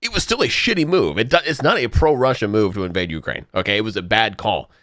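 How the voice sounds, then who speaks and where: A man's voice: fairly low pitch, animated, fast talker, a bit bright, dry recording, studio quality. A man co-hosting a podcast, arguing politics emphatically with profanity and step-by-step analogies. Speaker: podcast co-host. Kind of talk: heated political debate.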